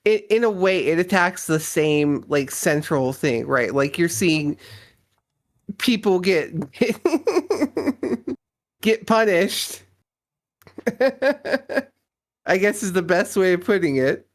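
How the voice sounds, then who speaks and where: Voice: mid-range voice, lively intonation, slow, long pauses. A guest on a live stream, trading casual banter. Laughs often, swears freely and teases the host.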